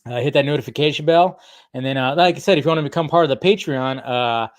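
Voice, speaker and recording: A man's voice: medium pitch, fast talker. A man hosting a casual livestream, rambling and self-deprecating as he chats with viewers. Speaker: YouTube livestream host.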